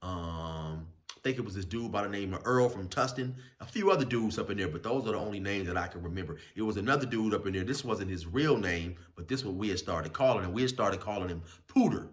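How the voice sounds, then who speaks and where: Low-voiced man, laid-back host spinning a rambling story in street slang. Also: expressive, fast. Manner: rambling, loose street slang, many fillers and restarts. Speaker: channel host telling prison stories. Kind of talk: casual spoken storytelling.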